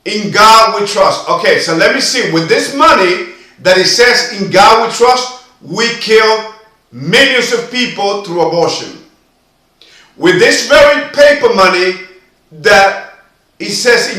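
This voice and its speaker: A man delivers an impassioned monologue in a high, bright voice, lingering on each phrase. His delivery is preachy and emphatic, full of repetition. The sound bounces around a very echoey room. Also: animated, unhurried. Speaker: video commentator.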